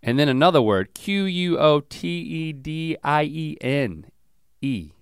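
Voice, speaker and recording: A man's voice: on the high side, expressive, measured pace, clean tone, dry recording, studio quality. A man co-hosting a casual chat, bantering and teasing in a playful way. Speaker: podcast co-host.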